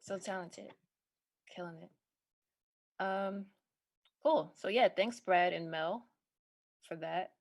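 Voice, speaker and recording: A woman co-hosting a song review, giving relaxed feedback with plenty of ums. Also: mid-range voice, slow, pauses often. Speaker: music review co-host. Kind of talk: casual feedback chat.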